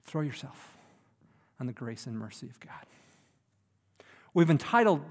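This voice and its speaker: A man preaching a sermon, swinging from loud emphatic lines to soft, near-whispered ones. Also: medium pitch, sing-song, unhurried. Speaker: pastor. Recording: long hall reverb.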